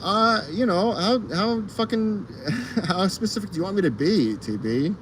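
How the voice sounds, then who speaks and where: A man's voice: sits high, animated, normal speed, background noise. A man livestreaming outdoors on a fire escape, rambling and swearing casually, laughing often and trailing off into ums and uhs. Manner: rambling, profane, laughs a lot, trails off in fillers. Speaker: streamer.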